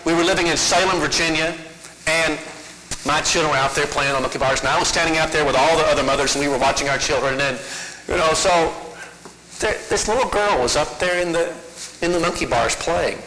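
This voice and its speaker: A man's voice: a little high, fairly quick, sharp tone, a little hiss or hum. Man, preacher, folksy sermon storytelling, echoey church, long reverb. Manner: folksy storytelling with rhetorical questions. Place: church sanctuary.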